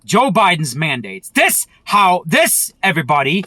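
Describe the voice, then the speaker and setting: A man vlogs an angry political rant, cursing freely and circling back over the same points. His voice sits high for a man. The sound is close and dry, with no room behind it. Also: animated, moderate pace, pushed and bright, no room sound. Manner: profane, heated, repetitive. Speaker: vlogger.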